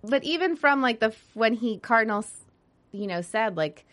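A woman's voice: on the high side, animated, moderate pace, a bit bright. A woman co-hosting a TV recap show, chatting casually and filling her talk with "like". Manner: chatty, many fillers like "like". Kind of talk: casual chat.

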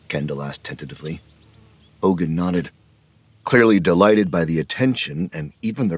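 A man reads a novel aloud in a measured, wry way. His voice is very low and husky, and the recording is close and dry with no room sound. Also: no echo. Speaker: audiobook narrator. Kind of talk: scripted narration.

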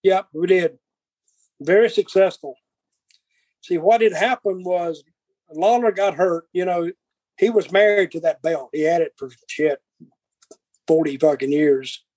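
A man's voice: high-pitched, unhurried, long pauses, a little mellow, no echo, poor audio. An older man telling blunt, profane stories and acting out old arguments. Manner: profane, blunt, acts out quarrels in dialogue. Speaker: guest. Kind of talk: casual storytelling.

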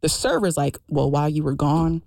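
A woman's voice: deep voice, lively intonation, a little fast, creaky, a little mellow, dry recording, studio quality. A woman co-hosting a radio show, telling a story animatedly and acting out the voices of everyone in it. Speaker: radio co-host. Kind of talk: casual radio chat.

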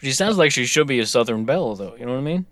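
A man co-hosting a podcast reads out a promo in a flat voice, then slips into joking banter during the casual chat. His mid-range voice races along, with no room sound.

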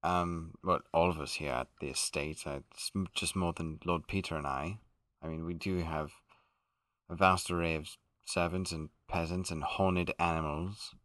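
A man playing a pompous aristocratic English gentleman who hosts a comedy podcast, in a put-on upper-class British accent, fussy and self-correcting. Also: low-pitched, fairly even intonation, moderate pace, no echo, studio quality. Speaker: podcast host.

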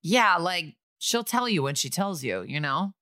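A woman's voice: lowish voice, expressive, unhurried, sharp tone, no room sound, studio quality. A woman podcast co-host chiming in with wry, joking asides during a casual chat.

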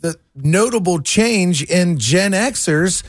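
A man's voice: sits high, expressive, takes it slowly, dry recording. A man co-hosting casual morning radio banter, playful and chuckling often. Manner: playful, chuckles often, jokey folksy asides. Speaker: radio co-host.

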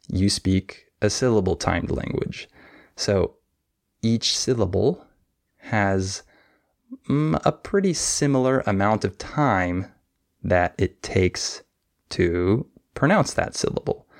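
A man's voice: low-pitched, vocal fry. A man teaching English pronunciation on a podcast, explaining patiently and sounding out example words with exaggerated stress. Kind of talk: podcast lesson.

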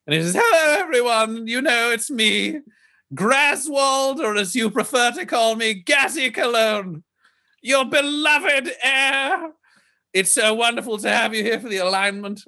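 A preening young noble heir, put on by a man, shirtless under a purple coat and vain to the bone. The voice sits high and airy, with long drawn-out words and a smug, self-satisfied lilt. Lively swoops run through every line. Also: full character voice.

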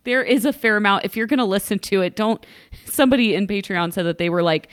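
A woman co-hosting a podcast in casual chat, animated, laughing often, with sarcastic asides. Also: medium pitch, quick pace, clear, resonant tone, no room sound, clean studio sound. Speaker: podcast co-host.

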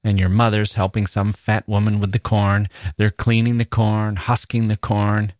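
A low, menacing drawl from a smooth-talking stalker who coaxes with easy slang, read aloud by a man. The voice sits deep and flat, and the recording is close and dry with no room sound. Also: normal speed, no room sound, natural voice. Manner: coaxing, drawling, casual slang.

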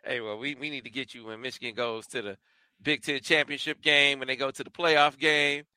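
Man hosting a sports podcast, very bright voice, dry close sound, easygoing. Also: medium pitch, fairly even intonation, brisk, clean tone, dry recording. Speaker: podcast host. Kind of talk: casual sports talk.

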